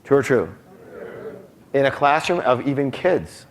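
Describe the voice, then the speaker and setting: Man, middle-aged, live seminar teacher, lively, questions the audience a lot. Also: medium pitch, a little slow, slight background noise. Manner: animated, asks the audience constant questions. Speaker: seminar speaker.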